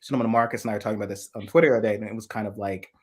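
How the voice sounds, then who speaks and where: A man's voice: lowish voice, rapid-fire. A man co-hosting a casual political live chat, telling stories with acted-out quotes and laughing as he talks. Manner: animated storyteller, acts out quoted voices, laughs mid-sentence.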